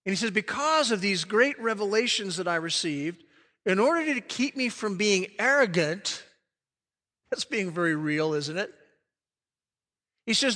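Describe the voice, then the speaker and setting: A man preaching a sermon in an earnest way, sinking to a soft hush on key phrases. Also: high-pitched, expressive, unhurried. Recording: long hall reverb.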